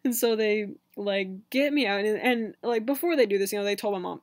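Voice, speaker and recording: A man's voice: high voice, fairly quick, few pauses, no room sound, studio quality. A young man telling a story on his vlog in a casual, chatty way, full of fillers and laughs. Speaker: vlogger.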